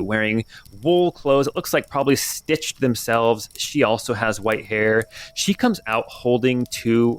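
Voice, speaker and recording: A man running a tabletop game as game master, narrating casually with many ums. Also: mid-range voice. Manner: relaxed, many fillers.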